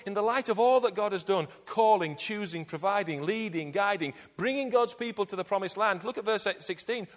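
A man's voice: high-pitched, in a large hall. A man preaching a sermon with dramatic emphasis and rhetorical questions.

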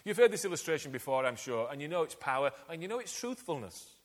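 A man preaches with a high voice that swings widely in pitch. He leans on rhetorical questions and dramatic emphasis. His words ring out with a long reverb, as if from a large church hall. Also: sing-song, fast talker. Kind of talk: sermon.

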